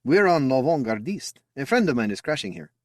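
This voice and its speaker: A man's voice: mid-range voice, sing-song, brisk, no echo, clean studio sound, voice pushed up, natural voice. A man voicing an eager, boastful young man who talks proudly and affectionately about his little brother. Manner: upbeat, chatty and affectionate.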